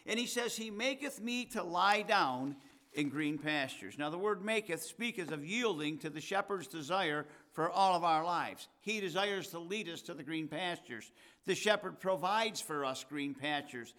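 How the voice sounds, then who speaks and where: A man preaching a sermon as pastor, reading scripture slowly and turning to chatty asides with his congregation. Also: fairly high pitch, animated, bright, forceful tone.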